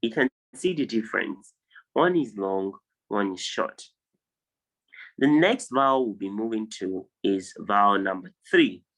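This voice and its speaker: A man teaching an online phonology lesson on a video call, drilling each word slowly and insistently correcting pronunciation. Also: on the low side, expressive, fairly bright tone, rough recording. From Nigeria. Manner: drills words, repeating them slowly for students. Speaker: English tutor.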